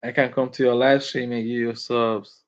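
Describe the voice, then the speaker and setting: A man live streams, chatting casually with viewers in a laid-back, sleepy way, teasing, chuckling often, and repeating lines as he reads comments. His mid-range voice has a level tone at a moderate pace. The audio is slightly dull lo-fi.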